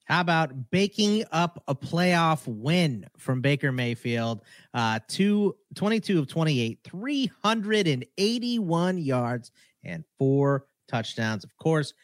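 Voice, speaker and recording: A man's voice: a little high, big pitch swings, slow pace, no echo, studio quality. A man co-hosting a fantasy football podcast, teasing his partner and delivering punny headlines. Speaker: podcast co-host. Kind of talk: casual sports podcast banter.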